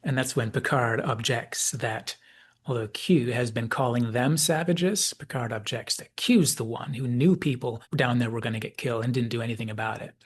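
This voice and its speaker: A man hosting a video essay, giving measured, reflective commentary and reading out quoted dialogue. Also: medium pitch, husky. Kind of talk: analytical commentary.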